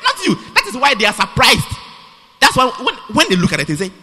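A high, bright-voiced man preaching with a lively, swooping delivery. He repeats and restarts his phrases emphatically, and his voice rings with the long reverb of a church hall. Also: quick pace. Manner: animated, repetitive, emphatic with many restarts. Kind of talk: sermon.

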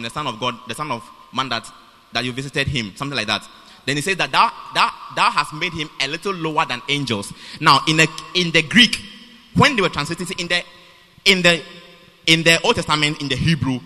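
A high, bright-voiced man preaching with a lively, swooping delivery. He repeats and restarts his phrases emphatically, and his voice rings with the long reverb of a church hall. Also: quick pace. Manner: animated, repetitive, emphatic with many restarts. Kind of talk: sermon.

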